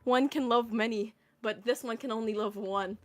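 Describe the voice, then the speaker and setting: A woman plays a lofty, stiffly formal woman who talks in old-fashioned, high-flown terms. Her voice sits high, with a cool, distant poise. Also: steady tone, normal speed, natural voice. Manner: stilted, archaic, lofty.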